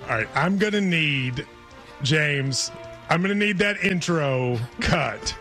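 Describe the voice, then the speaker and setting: A man with a high, lively voice hosts a sports segment, teasing his co-host in loose banter. His tone is bright, with faint music behind him. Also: slow. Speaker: show host. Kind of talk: casual studio banter.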